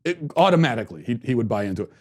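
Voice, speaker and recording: A man in his thirties hosting a commentary show, telling a story at home in a sarcastic, deadpan way and keeping his voice down. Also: very fast. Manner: lowers his voice to keep quiet at home. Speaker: podcast host. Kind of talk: opinion commentary monologue.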